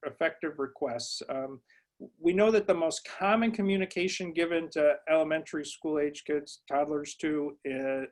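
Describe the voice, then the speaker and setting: A psychology professor giving a webinar lecture to educators, speaking conversationally with lots of uh and um fillers and telling stories from his own early work. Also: fairly high pitch.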